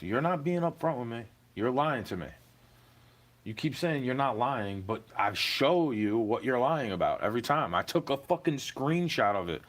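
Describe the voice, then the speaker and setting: Aggrieved man ranting, swearing. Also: mid-range voice. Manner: aggrieved, profane, repeatedly says "bro". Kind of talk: ranting monologue to camera.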